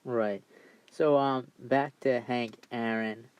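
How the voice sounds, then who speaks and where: A man's voice: medium pitch, fairly even intonation, slow, a little mellow, clear, resonant tone, no room sound. A man hosting a sports interview, asking plain, hesitant questions. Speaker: podcast host. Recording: dull lo-fi, dry.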